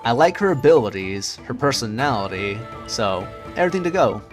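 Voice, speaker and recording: A man's voice: lowish voice, expressive, moderate pace, music in the background. A man streaming a video game, chatting casually with his viewers and muttering to himself as he searches through menus. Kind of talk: casual gameplay chat.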